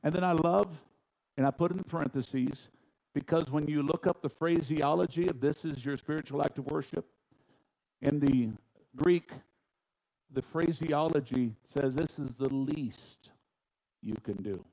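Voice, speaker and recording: A man preaching a sermon as pastor in a church, folksy and emphatic, swinging between loud, driving lines and hushed ones. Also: fairly high pitch, unhurried, gravelly, low-quality recording. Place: church sanctuary.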